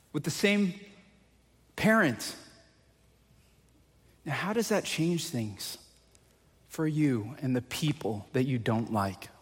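A pastor preaching a conversational sermon, often asking the congregation questions. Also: male voice, mid-range voice, big-room sound.

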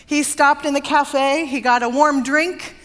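A woman pastor with a high voice preaches to her congregation. She tells stories in a conversational way and turns to the people in the pews with asides. Her words ring out in a long, echoing reverb. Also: fairly even intonation, a little slow, a bit bright. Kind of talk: sermon. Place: church sanctuary. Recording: long reverb of a large sanctuary.

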